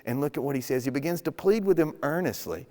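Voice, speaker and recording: A man's voice: on the high side, expressive, fast, darkish tone. A man preaching a sermon as pastor, retelling scenes casually and acting out the characters' lines. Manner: casual storytelling with acted-out quotes. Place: church sanctuary. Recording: long hall reverb.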